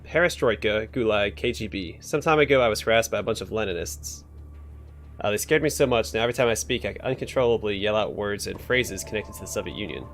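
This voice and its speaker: A man's voice: lowish voice, expressive, quick pace, a bit bright, faint music behind. A man voicing a nervous male clerk who has verbal tics and talks in a stammering, apologetic way, in a game.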